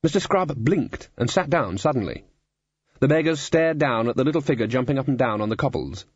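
A man reading a comic fantasy novel aloud in scripted narration, dry and even. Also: medium pitch, brisk, breathy edge, no room sound, highs cut off. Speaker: audiobook narrator.

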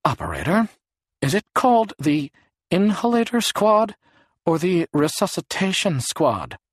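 A man playing a smooth, pedantic oddball. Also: high voice, sing-song, unhurried, no echo, clean studio sound, voice pushed up, heavily acted. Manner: smooth, jargon-laden, detached. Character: odd, pedantic man, coldly clinical.

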